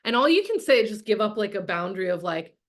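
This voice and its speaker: A woman coaching a live online masterclass in a blunt, chatty way. She swears freely and fills her sentences with casual asides. Her voice sits at an ordinary middle pitch. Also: big pitch swings, fast. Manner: casual, chatty, heavy with fillers like "like". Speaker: business coach. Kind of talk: live online masterclass, answering chat comments.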